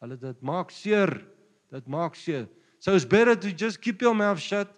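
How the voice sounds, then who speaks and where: A man with a South African Afrikaans accent preaching a sermon, jovial and quick to chuckle between points. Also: sits high, animated, long reverb tail. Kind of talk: sermon mixing Afrikaans and English.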